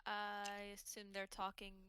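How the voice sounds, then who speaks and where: A woman's voice: medium pitch, monotone, a little slow, over a noisy crowd. A woman playing a tabletop game, thinking aloud hesitantly with many fillers. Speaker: player.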